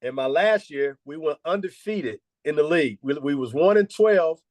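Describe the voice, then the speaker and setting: A man in his fifties, a former college basketball head coach, telling lively stories and peppering them with "man" and "you know". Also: on the high side, normal speed, no echo. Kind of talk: storytelling interview answers.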